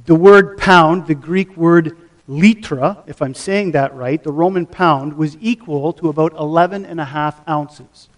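A middle-aged pastor preaching a sermon, teaching the passage and putting questions to the congregation. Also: male voice, on the high side, unhurried. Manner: teaching, asks the audience questions.

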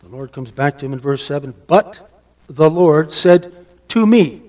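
A man preaching a sermon, emphatic, asking rhetorical questions and dropping to a hush for stress. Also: fairly high pitch, lively intonation, unhurried. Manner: asks the listeners rhetorical questions.

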